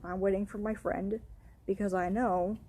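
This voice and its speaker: A young woman vents in a storytime vlog, her words tumbling out in long, upset run-on sentences laced with swearing. Her voice is mellow and dark, with a breathy, husky edge. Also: medium pitch, fairly even intonation, normal speed. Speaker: vlogger.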